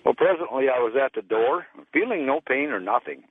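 A man's voice: mid-range voice, animated, a little fast. A male caller, telling a personal story in a plain, folksy way. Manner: plain folksy storytelling, acts out quoted voices. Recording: tinny phone line.

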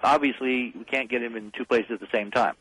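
A man's voice: medium pitch, fairly even intonation, a little fast, fairly bright tone, husky, no room sound, muffled recording. A man speaking as a guest on a radio talk show, talking emphatically and persuasively, rallying listeners to act.

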